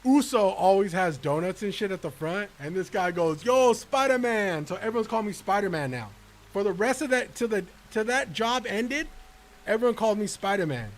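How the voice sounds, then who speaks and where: A man streaming a video game who tells stories in an animated, slangy way and laughs often. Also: sits high, fairly quick. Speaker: gaming streamer. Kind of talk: casual storytelling while playing.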